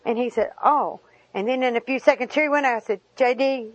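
A woman's voice: a little high, fairly quick, no echo. A woman giving a personal testimony talk to a group, folksy and wry with self-deprecating humor. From Arkansas. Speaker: speaker sharing her story with a group. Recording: dull lo-fi recording.

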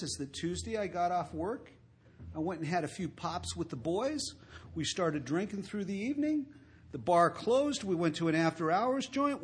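A man speaking to an audience about his drinking, telling wry stories in a conversational way that swells to loud emphasis. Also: sits high, slightly rough. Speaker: recovery speaker. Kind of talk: storytelling talk to an audience.

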